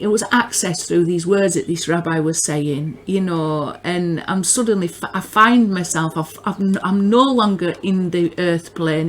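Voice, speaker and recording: A middle-aged woman with a northern English accent giving a rambling personal testimony, often repeating and restarting words as she grows excited. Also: fairly low pitch. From northern England. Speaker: religious video maker.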